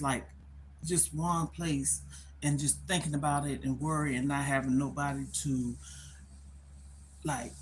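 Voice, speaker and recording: A woman's voice: a bass voice, slight background noise. Sad, rambling middle-aged woman on a live stream. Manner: rambling, repeats herself, worried and sad. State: close to tears. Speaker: livestreamer. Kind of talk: candid live-stream talk.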